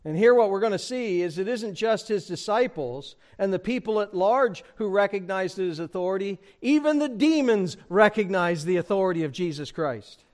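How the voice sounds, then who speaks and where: A man preaching an expository sermon, addressing the congregation directly and rising in pitch and volume for emphasis. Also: lively intonation, moderate pace, hardly any pauses, a little mellow. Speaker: pastor.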